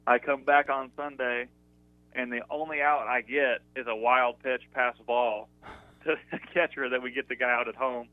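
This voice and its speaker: A man's voice: medium pitch, steady tone, normal speed, dry recording. Young man telling stories over a phone line. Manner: chatty, many fillers, laughs through stories. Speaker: guest, former college pitcher. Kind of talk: casual interview storytelling. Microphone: phone call. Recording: dry tinny phone line.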